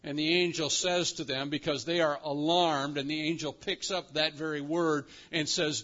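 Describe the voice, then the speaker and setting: A man preaching a sermon with dramatic emphasis, slowing down and rising in pitch to stress key words. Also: pushed and bright, dull audio. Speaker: pastor.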